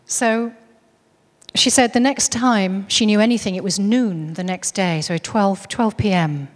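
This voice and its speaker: A woman's voice: mid-range voice, measured pace, in a large hall. A woman giving a talk, earnestly recounting a case story with frequent restarts. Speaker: speaker on UFO contactees.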